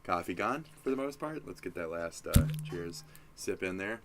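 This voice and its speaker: A man's voice: sits low, lively intonation, normal speed, loud music behind the voice. A sleepy young man who keeps yawning as he rambles and swears while signing off from his stream. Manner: drowsy, profane, rambling. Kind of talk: casual rambling sign-off.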